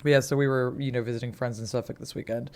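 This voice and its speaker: A man's voice: mid-range voice, steady tone, fast. A man in his forties, co-hosting a podcast in casual, rambling chat with offhand swearing. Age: 40s. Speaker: podcast co-host.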